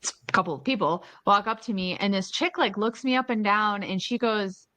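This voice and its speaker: A woman hosting a podcast, chatting casually and telling animated stories with plenty of swearing. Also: mid-range voice, brisk, no echo. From New York or Michigan. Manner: animated storyteller who swears freely and acts out quotes. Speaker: podcast host. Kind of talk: casual chat.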